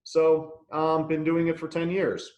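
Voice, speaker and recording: A man's voice: a little high, monotone, measured pace, darkish tone, reverberant. A man telling his story as an interview guest, blunt and profane, laughing through the funny parts. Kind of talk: candid conversational storytelling.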